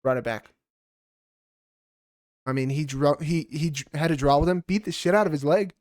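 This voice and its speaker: A man with a somewhat high voice trades fight picks on a casual podcast. He is blunt and heated and swears freely. The sound is dry and close, with no room echo. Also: moderate pace, darkish tone. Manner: blunt, profane, heated opinions. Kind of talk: casual sports chat.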